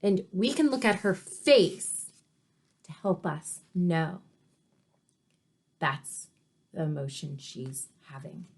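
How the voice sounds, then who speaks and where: Slow, expressive woman teacher reading aloud. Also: fairly low pitch, breathy edge. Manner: expressive, questioning, explains words to children. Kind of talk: read-aloud story lesson for children.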